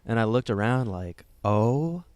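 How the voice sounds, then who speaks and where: Low gravelly guy rambling funny stories on a podcast, dry close mic. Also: moderate pace, darkish tone, dry recording. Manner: rambling storyteller, jokey voices. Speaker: podcast co-host. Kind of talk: casual comedic chat.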